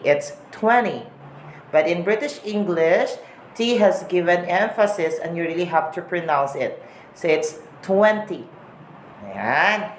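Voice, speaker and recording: Woman teacher, slow careful lesson, lowish voice, echoey room w faint hum. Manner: slow, repeats example words to model pronunciation. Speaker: English teacher. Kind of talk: recorded lesson on English accents.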